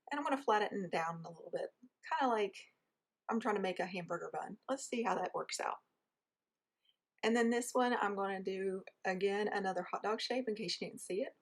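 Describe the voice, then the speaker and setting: A woman with a rural Southern American accent, giving a casual, chatty how-to lesson while she shapes dough with her hands. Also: medium pitch. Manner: chatty, self-deprecating, talks while kneading dough. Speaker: home baker teaching.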